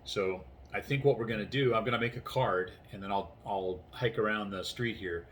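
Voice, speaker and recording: Tired man, 60s, rambling vlog chat at home, fairly low-pitched, faint hiss behind. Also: moderate pace. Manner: rambling, acts out conversations. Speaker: vlogger. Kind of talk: casual chatty storytelling. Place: inside his house, doors closed.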